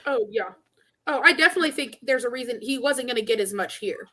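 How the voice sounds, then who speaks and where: Bright-voiced blunt woman co-host. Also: on the high side, lively intonation, fast talker. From Arkansas, US. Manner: blunt, opinionated. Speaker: podcast co-host. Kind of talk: casual sports chat.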